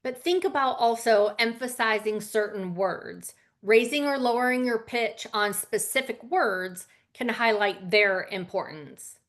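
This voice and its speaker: A woman's voice: on the high side, expressive, a little slow, hardly any pauses. A woman teaching a casual lesson on public speaking, conversational with fillers and asides.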